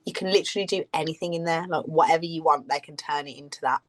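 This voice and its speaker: A woman's voice: deep voice, fast. A woman co-hosting a podcast in casual chat, rambling and laughing often. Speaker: podcast co-host.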